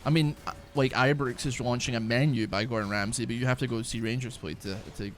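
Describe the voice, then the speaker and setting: Talking fast over a live game stream, this young man keeps up a casual, meandering chat packed with restarts and profanity. His pitch is medium and his intonation fairly even. A slight background noise can be heard.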